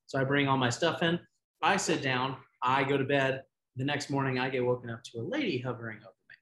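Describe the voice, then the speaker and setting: A man co-hosting a casual podcast, telling a story in an animated way. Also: mid-range voice, fairly quick. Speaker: podcast co-host. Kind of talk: casual chat. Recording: roomy echo.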